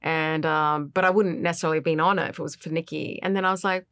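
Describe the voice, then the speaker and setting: Woman, animated storyteller, mimics voices, dry close sound. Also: sits low, fast talker, smooth, dry recording. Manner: animated storyteller, acts out voices, laughs often. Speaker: singer-songwriter guest. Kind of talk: casual interview storytelling.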